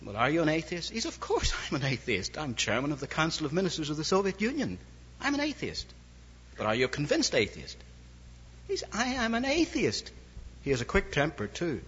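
Talking fast in a sing-song, fairly bright voice on the high side, a preacher tells anecdotes and performs the dialogue of their characters. It's an old lo-fi recording made in a reverberant hall, with slight background noise.

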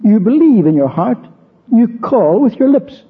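In a tinny, narrow-band old recording, a man with an extremely high, husky voice preaches an expository sermon, very animated yet measured in pace. He works through verses, stressing repeated words, then tells a personal story.

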